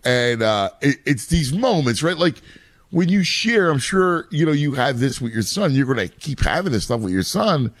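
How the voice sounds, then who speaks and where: A man's voice: mid-range voice, big pitch swings, moderate pace, dry recording. A man, a youth baseball coach and father, talking casually and explaining game strategy with many restarts. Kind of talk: casual chat.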